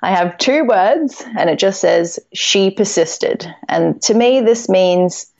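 An Australian food blogger speaks as a guest in a casual interview, warm and encouraging, often saying um and laughing. Her medium-pitched voice is gravelly with lively intonation, she talks slowly, and the sound is lo-fi.

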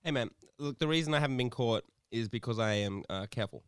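Rambling man, smooth dry voice. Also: medium pitch, fast, dry recording. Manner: rambling, swearing, laughing storyteller. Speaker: podcast co-host. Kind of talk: casual podcast chat.

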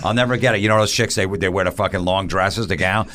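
A man's voice: deep voice, quick pace, fairly bright tone. A man in casual podcast banter, telling a crude story in a laid-back way. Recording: noisy recording.

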